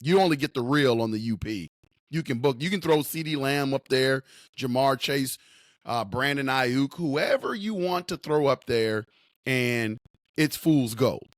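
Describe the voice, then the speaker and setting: A man's voice: medium pitch, unhurried, dry recording, clean studio sound. A man hosting a sports talk show, speaking with emphatic, repetitive hometown enthusiasm. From Upper Midwest. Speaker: sports podcast host.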